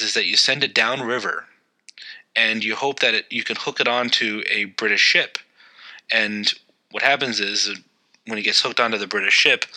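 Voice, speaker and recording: A man's voice: lowish voice, pushed and bright, poor audio. A man hosting a history podcast, narrating events in a loose, conversational way with occasional fillers. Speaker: podcast host.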